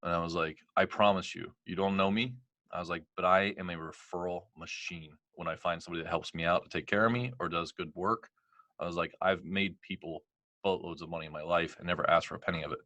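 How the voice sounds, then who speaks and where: A middle-aged man, a podcast guest, telling a personal story in casual talk, animated and full of "like" and acted-out dialogue. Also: low voice, fast talker, no echo. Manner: animated, heavy on "like" and quoted dialogue.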